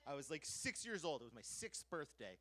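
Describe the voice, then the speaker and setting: A man's voice: on the high side, very animated, fairly quick, fairly bright tone. A man telling a stand-up story on a live comedy stage, with laughing asides. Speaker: comedian contestant. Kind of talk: stand-up set.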